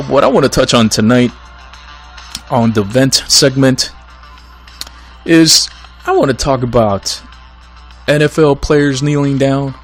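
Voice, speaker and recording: A man hosting his own podcast in a casual monologue, earnest and rambling, with a voice going hoarse. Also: mid-range voice. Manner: rambling, earnest, many fillers and restarts. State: losing his voice. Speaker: podcast host.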